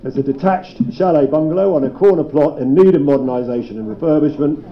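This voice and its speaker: A man working as an auctioneer, rattling off bids at a live property sale with playful banter. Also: fairly high pitch. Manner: brisk bid-calling with playful banter. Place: auction room. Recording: dull lo-fi live stream sound.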